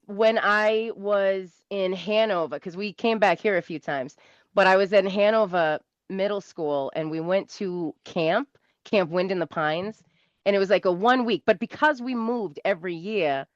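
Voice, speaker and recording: A woman in her thirties with a South Shore Massachusetts accent, a comedian guest telling stories in a rambling, animated way and laughing often. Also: medium pitch, no echo. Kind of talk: casual storytelling interview. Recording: dull lo-fi dry sound.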